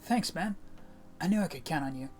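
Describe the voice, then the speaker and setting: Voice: mid-range voice, lively intonation, a little fast, darkish tone, faint music behind, close to an everyday voice. A streamer voicing a hot-headed teenage boy, a former athlete, in blunt, slangy talk with mild cursing, as a fan reading of game dialogue. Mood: confiding.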